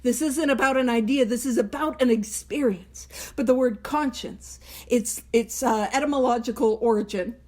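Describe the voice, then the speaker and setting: A woman with a high voice leads a recovery book study over a video call. She reads short passages aloud and unpacks them in a chatty, self-mocking way. She often drifts into tangents before coming back to the text. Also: moderate pace, darkish tone. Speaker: Big Book study leader. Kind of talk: recovery study talk, reading and explaining text.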